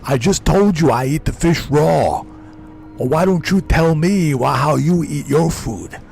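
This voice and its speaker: A man doing an impression of a boastful, macho older ex-governor who brags slowly and taunts his listener. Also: on the high side, gravelly, darkish tone, faint music behind. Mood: boastful taunting. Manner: slow, swaggering macho bragging.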